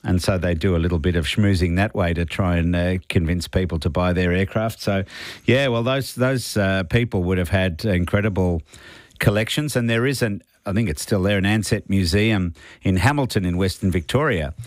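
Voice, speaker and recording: A man's voice: sits low, moderate pace, dry recording, studio quality. A man hosting a radio show, chatting casually and thinking aloud. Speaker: radio host.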